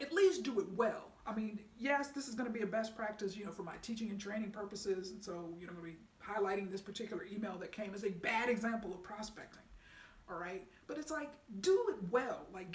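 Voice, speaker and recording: A woman sales trainer telling a story in a casual teaching talk, with many fillers and restarts. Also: a little high. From United States. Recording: echoey room, voice far from the mic.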